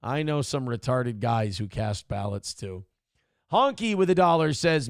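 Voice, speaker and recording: A man's voice: fairly high pitch, very animated, normal speed, creaky, dry recording, studio quality. Profane, sarcastic male stream host. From Minnesota. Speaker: morning show host. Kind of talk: livestream chat, reading viewer donations.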